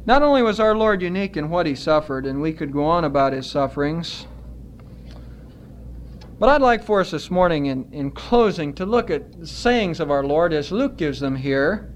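A man preaching a sermon as pastor, earnest and emphatic, stretching out his words with pauses. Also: a little high, lively intonation, a little hiss or hum.

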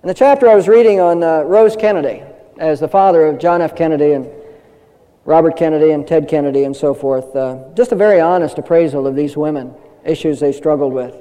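A man's voice: fairly high pitch, a little fast, dark tone, long reverb tail, low-quality recording. An older man preaching a sermon in an earnest way, building up to emphatic declarations. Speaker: pastor.

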